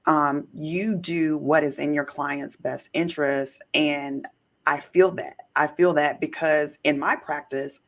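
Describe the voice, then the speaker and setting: A woman hosting an interview podcast, an attorney herself, talking in an emphatic, animated way and telling stories. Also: deep voice, slow pace. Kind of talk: casual interview chat.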